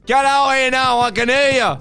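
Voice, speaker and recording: A man doing a loud hammy English cop. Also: very high-pitched, moderate pace, over loud music, pitched above the performer's own voice. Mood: barking. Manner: loud, hammy, barking orders. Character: shouting English cop at a pub door.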